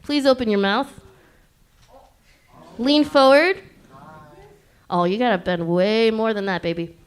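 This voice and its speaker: A woman's voice: on the high side, measured pace, slight background noise. A woman hosting a live convention panel, teasing and playful with the audience, laughing often. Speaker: panel host.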